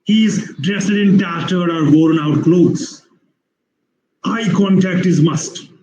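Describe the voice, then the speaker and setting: Indian English man, high pitched, lecturing by video call, roomy muffled sound. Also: slow pace, darkish tone, a little hiss or hum. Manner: repetitive, explanatory, many fillers and restarts. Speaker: university lecturer. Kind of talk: online webinar lecture.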